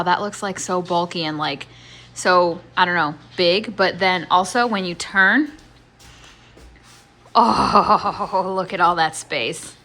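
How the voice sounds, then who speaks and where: A woman's voice: fairly low pitch, sharp tone. Chatty woman vlogging a home renovation. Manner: chatty, laughs often, thinks aloud with ums. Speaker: homestead vlogger. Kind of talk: casual home renovation vlog. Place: inside a house being renovated.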